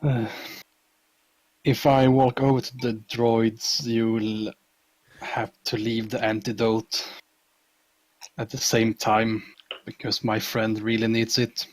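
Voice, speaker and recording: A man's voice: lowish voice, flat delivery, slow pace, long pauses. Hesitant young male player. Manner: hesitant, thinking aloud, with fillers. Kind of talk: casual tabletop play.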